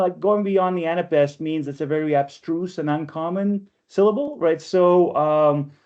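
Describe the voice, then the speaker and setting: Fairly high-pitched yet darkish in tone, a man lectures as instructor of an online poetry workshop. His explanations go step by step, punctuated often by "right?" Audio is lo-fi, captured through a video call.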